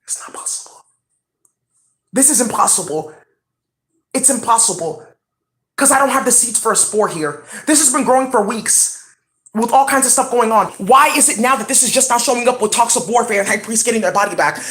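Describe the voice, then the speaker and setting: A woman's voice: on the high side, brisk, a bit bright, reverberant. A woman talking in a rambling, intense way in a casual home vlog as a spiritual reader. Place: at home indoors.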